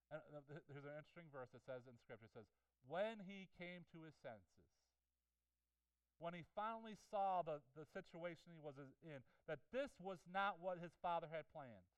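A male pastor delivers a sermon with fervor, repeating himself and throwing rhetorical questions at his listeners. His voice is pitched a touch high and sounds smooth and clear. He stands a bit back from the microphone in a dry, dead room. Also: no echo, distant mic, rough recording. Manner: impassioned, with many restarts and rhetorical questions.

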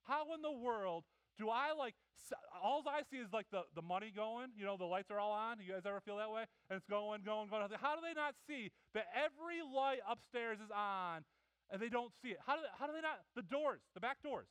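A middle-aged man preaching a sermon, telling animated family stories and acting out the voices of his kids and wife. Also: high voice, brisk, clear, resonant tone, dry recording, poor audio. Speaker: pastor.

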